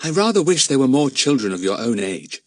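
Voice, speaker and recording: A man's voice: medium pitch, sing-song, brisk, no echo, clean studio sound, voice pushed up, lightly acted. A man voicing a proper, fretful English mother in a storybook. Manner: prim, reproachful.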